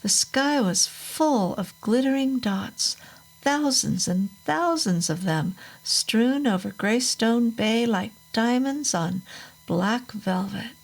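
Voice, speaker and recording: Slow, measured woman horror narrator. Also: fairly high pitch, animated, rough recording. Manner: measured, unhurried storytelling. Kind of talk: scripted horror story narration.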